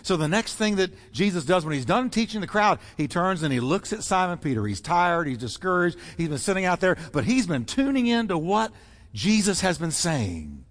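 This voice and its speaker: A man's voice: high voice, big pitch swings, normal speed. A man preaching a sermon as pastor, fervent and rhythmic, building repeated phrases. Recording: long reverb in a large hall.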